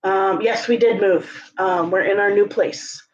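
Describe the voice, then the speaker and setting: A woman's voice: steady tone, measured pace, highs cut off. A woman chatting casually at home in a vlog, sick, her voice strained and forced, rambling with many fillers. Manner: rambling, many fillers, coaxes cat in high sing-song calls. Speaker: vlogger. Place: home closet, indoors.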